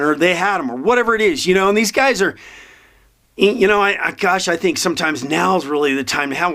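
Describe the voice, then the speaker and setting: High-pitched and bright, this motivational vlogger in his 50s speaks with a forceful tone. He meanders through his ideas in a rambling monologue, often restarting and using many fillers.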